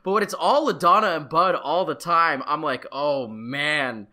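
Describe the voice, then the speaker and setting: A man from Canada co-hosting a casual podcast, talking in a passionate, animated way with lots of restarts. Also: fairly high pitch, moderate pace. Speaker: podcast co-host. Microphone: headphones with a mic.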